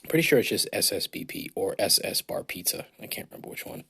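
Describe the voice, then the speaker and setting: A man's voice: sits low, very animated, fast talker, creaky, pushed and bright, husky. A man hosting a casual solo podcast, rambling and swearing with self-mocking humor, his throat dry, recorded on a phone in a large hotel room. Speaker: podcast host.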